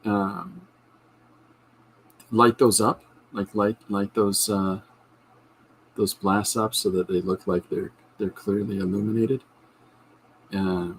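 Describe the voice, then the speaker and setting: A man's voice: lowish voice, breathy edge, rough recording. A man hosting his own podcast, chatting casually and enthusiastically about his comic ideas in a rambling way with frequent restarts. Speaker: podcast host and comic artist. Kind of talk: casual livestream chat.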